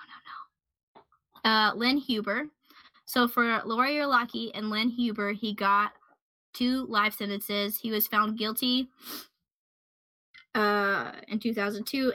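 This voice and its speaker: Bright-voiced woman, heated true crime chat. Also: fairly high pitch. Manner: heated and outspoken, swears, rambles with fillers. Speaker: podcast co-host telling a true crime story.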